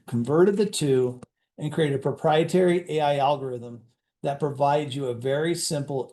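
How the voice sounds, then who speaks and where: A company executive gives an enthusiastic motivational presentation to sales leaders, telling stories with acted-out dialogue and frequently restarting his words. His voice is medium-pitched and a little mellow.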